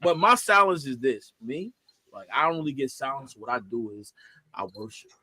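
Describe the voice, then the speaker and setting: A man hosting a casual faith talk, moving between quiet murmurs and loud, emphatic preacher-like bursts. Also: mid-range voice, big pitch swings, normal speed, slightly rough, no echo. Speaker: podcast host.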